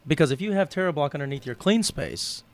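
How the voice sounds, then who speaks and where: Guy pitching a product on a talk show, quick and persuasive. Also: lively intonation. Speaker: co-host. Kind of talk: casual radio chat.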